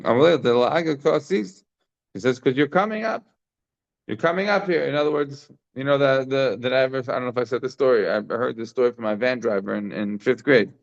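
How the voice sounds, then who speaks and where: A man teaching a Talmud class in an informal, chatty way, stopping and restarting as he works through the text. His voice sits at a middle pitch. The recording is a little dull and lo-fi. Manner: informal, explaining with frequent fillers and restarts.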